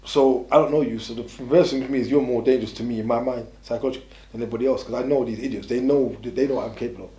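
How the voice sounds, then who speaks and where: Fast-talking blunt man, roomy sound. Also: mid-range voice, steady tone, warm tone. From England. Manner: blunt, rambling, restarts a lot. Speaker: interviewee. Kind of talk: candid storytelling. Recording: roomy echo.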